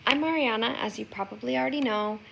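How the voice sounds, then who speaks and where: A woman's voice: fairly high pitch, quick pace, vocal fry, noisy background. A young woman giving an earnest class oral presentation as a student, reading a poem aloud and reflecting on it. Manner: earnest, reflective, with occasional fillers.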